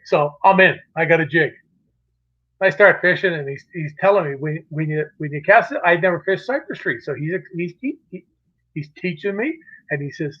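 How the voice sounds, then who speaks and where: A man, a magazine publisher, telling a fishing anecdote in a casual, animated way with many restarts. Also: a little high, fairly quick, muffled recording. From Canada. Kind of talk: casual storytelling on a live show.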